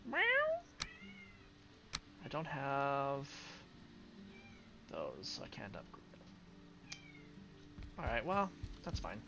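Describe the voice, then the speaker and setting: A man's voice: mid-range voice, big pitch swings, takes it slowly, long pauses, music in the background. A man casually commenting on his gameplay, thinking aloud as he weighs upgrades and mutters his choices. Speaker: gaming YouTuber.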